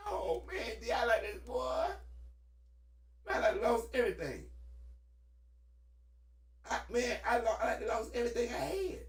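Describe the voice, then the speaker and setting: High-voiced guy on a stream, swearing and cracking up, kinda far from the mic in an echoey room. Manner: profane, animated, laughing, drawn-out exclamations. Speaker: live streamer. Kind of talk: loud casual storytelling while gaming. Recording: roomy sound from a distant mic.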